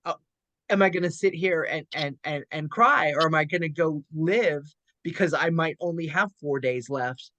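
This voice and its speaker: A woman's voice: low-pitched, normal speed, a bit bright, dry recording. A woman hosting an interview and speaking as a fellow cancer survivor, in an earnest, encouraging way with frequent stammered repeats. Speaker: host, also a cancer survivor. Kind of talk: casual interview chat.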